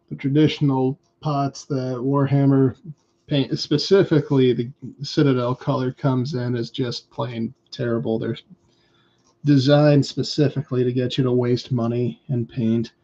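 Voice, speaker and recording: A man's voice: medium pitch, little pitch movement, measured pace, mellow. A man chatting casually with viewers on a live stream as he paints a miniature, thinking aloud as he works. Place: indoors at a hobby table. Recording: dull lo-fi stream audio.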